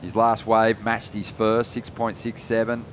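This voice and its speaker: A man calling a surf contest live, relaxed, rising in energy on big turns. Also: lowish voice, unhurried, slight background noise. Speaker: surf commentator. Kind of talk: live sports commentary.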